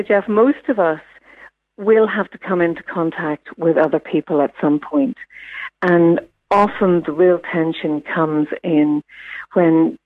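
A woman, a wellbeing expert giving gentle, reflective advice in a radio interview with many fillers and restarts. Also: fairly low pitch. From New Zealand. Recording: phone line, dry.

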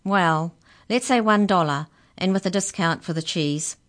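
A woman doing a booming giant baker. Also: a little slow. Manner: booming, loud. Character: huge booming male giant pastry cook.

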